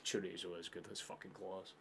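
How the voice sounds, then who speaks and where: A man hosting a live football watchalong, chatting casually, swearing often and shouting at big chances. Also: deep voice, little pitch movement, fairly quick, vocal fry, a little hiss or hum.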